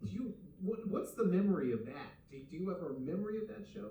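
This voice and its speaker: A man hosts a live interview on a theater stage, his pitch sitting a little high and moving a lot. He asks eager questions and trips over his openings. The voice sounds distant and roomy, with faint noise. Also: lively intonation, quick pace, mellow. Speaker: interview host. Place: theater stage before an audience. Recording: echoey hall, distant mic, faint noise.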